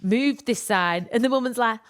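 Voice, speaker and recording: A woman with a fairly low voice chats on a podcast, telling a long personal story. She rambles in an animated way, with plenty of fillers and restarts along the way. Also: fairly quick. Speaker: podcast co-host. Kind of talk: casual storytelling chat.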